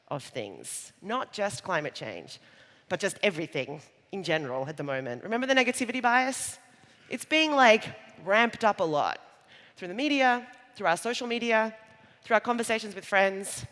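A woman's voice: medium pitch, fairly bright tone. A woman with an Australian accent giving a conference keynote on stage, conversational and jokey, with playful asides to the audience. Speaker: conference speaker. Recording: live talk in a large reverberant hall.

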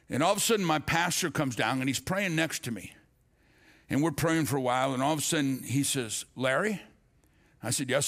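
A man's voice: on the high side, fairly bright tone. An older man, a pastor, telling a personal story in a sermon, acting out the dialogue with frequent restarts and stammers.

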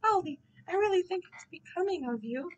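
A woman's voice: very high voice, animated, fairly quick, muffled recording, voice pushed up. A woman voicing a mischievous male prankster who casts silly spells, speaking in a sugary, teasing, falsely innocent way.

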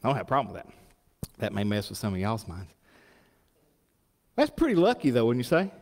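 A middle-aged man preaching a sermon as pastor, folksy and animated, often asking the congregation questions. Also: medium pitch, a little fast, pauses often, big-room sound.

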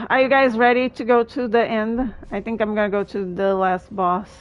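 A woman streaming a video game, reacting excitedly to boss fights and chatting to her viewers. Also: on the high side, a little slow, lo-fi sound, faint music behind. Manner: excitable, exclaims often, thanks viewers. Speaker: gaming streamer. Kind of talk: live gameplay commentary.

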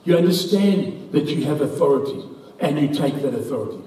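A man's voice: a little high, animated, fairly quick, mellow. A man with a South African English accent preaching an earnest, emphatic sermon, quoting scripture at length. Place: church hall. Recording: echoey hall from far off.

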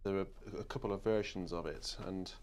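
A man's voice: low-pitched, brisk, a little mellow, a little hiss or hum. A man, an organist hosting a livestream from his home organ room, chatting casually, rambling and often interrupting himself mid-sentence. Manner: rambling, self-interrupting, distracted. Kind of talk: casual chat.

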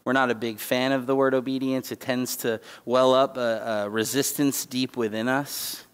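A man's voice: medium pitch, flat delivery, normal speed, clear, resonant tone. A man preaching a sermon as guest speaker, talking conversationally and emphatically, with asides and restarts. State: holding back tears. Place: church sanctuary. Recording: church hall reverb.

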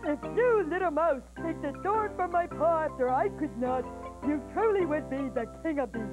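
A woman's voice: sits high, lively intonation, normal speed, over music, poor audio. A woman voicing a proud, self-important male lion who calls himself king of the beasts, in a children's TV story. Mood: haughty.

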